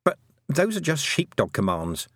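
A man voicing a skeptical adult witch woman in an audiobook, measured and slightly dismissive. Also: mid-range voice, very animated, fairly bright tone, no room sound, voice pushed up. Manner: measured, dry, a bit dismissive. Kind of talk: audiobook character voice.

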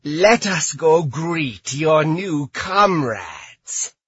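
A man voicing an ancient, cruel and crazed male undead lich lord, rasping and menacing in an audiobook. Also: fairly high pitch, big pitch swings, a bit bright, dry recording, pitched above the performer's own voice, heavily acted. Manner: slow, menacing, swooping delivery. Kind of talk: audiobook character voice. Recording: dry, slightly dull recording.

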